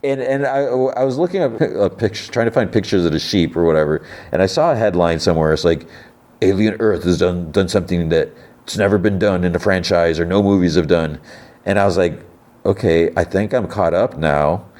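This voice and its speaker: A man's voice: sits low, fairly quick, darkish tone. A man co-hosting a podcast, chatting casually about a TV episode and thinking aloud as he goes. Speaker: podcast co-host. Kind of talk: casual TV chat.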